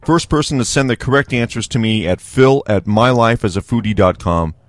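A male podcast host chatting casually to his listeners and laughing often. His voice sits at a middle pitch. The recording is dry and close. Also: fairly quick, no echo.

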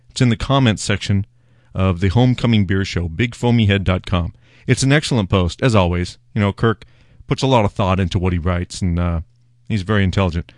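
Man, beer show host, low voice, wry, self-mocking, rambling casual talk, dry sound. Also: no echo.

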